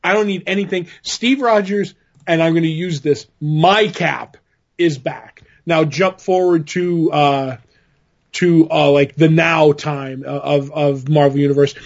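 A man co-hosting a podcast, talking casually and eagerly, halting with restarts. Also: fairly high pitch. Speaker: podcast co-host. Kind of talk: casual chat. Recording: dull lo-fi podcast audio.

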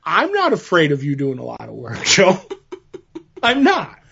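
Higher-voiced rambling podcast man. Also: wildly swooping pitch, measured pace, vocal fry, sharp tone, breathy edge, lo-fi sound. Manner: rambling storyteller with many fillers and restarts. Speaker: podcast co-host. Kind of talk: casual chat.

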